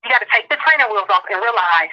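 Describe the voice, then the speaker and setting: A woman guest on a talk show, delivering a passionate, profane, rapid-fire rant of social commentary. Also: mid-range voice, lively intonation. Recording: dull lo-fi audio.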